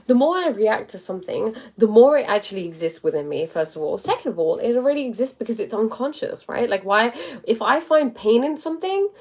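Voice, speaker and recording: Young woman, stuffy nose, loose and chatty livestream host, middle-pitched voice. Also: expressive, darkish tone. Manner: chatty, many likes and quick acted-out quotes. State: blocked nose. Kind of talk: casual livestream chat.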